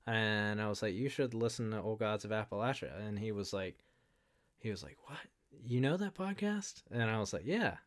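A man's voice: lowish voice, lively intonation, normal speed. A man chatting casually and telling a story, with lots of quoted dialogue. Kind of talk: casual conversation.

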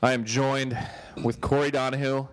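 A man's voice: mid-range voice, level tone, normal speed, low-quality recording. A young man co-hosting a podcast in casual chat, joking and teasing his partner. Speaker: podcast co-host.

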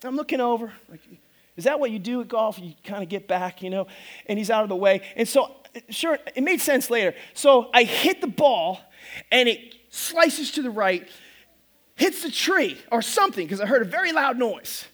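A middle-aged man preaching a sermon to his congregation as pastor, telling stories in an animated, self-mocking way. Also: very high voice, normal speed. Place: church service before a congregation.

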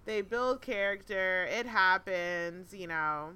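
A woman in her late twenties co-hosting a podcast, telling stories in a profane, animated way and laughing often. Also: medium pitch, slow pace, a crowd in the background. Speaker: podcast co-host. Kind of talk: casual chat, storytelling.

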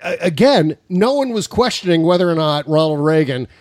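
This is a man with a fairly high voice, hosting a political podcast in a loose, sarcastic way and laughing as he mocks what he reads aloud. The sound is dry, close and without any room echo. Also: lively intonation, normal speed, a little mellow. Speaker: podcast host. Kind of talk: casual political talk.

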